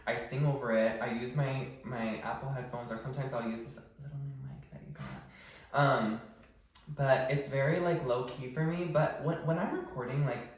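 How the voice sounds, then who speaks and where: A man co-hosting a podcast, chatting in a relaxed, joking way. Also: medium pitch, moderate pace. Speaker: podcast co-host. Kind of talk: casual chat. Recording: echoey room, mic at a distance.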